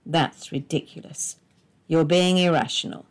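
A woman voicing a weary middle-aged husband who answers in a calm, dismissive way. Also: sits low, a little slow. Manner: level, dismissive.

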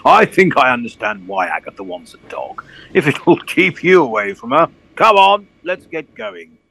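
A man's voice: mid-range voice, moderate pace, vocal fry, no room sound, exaggerated voice. A man doing a pompous old colonel. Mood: blustering. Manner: blustering, posh, excitable.

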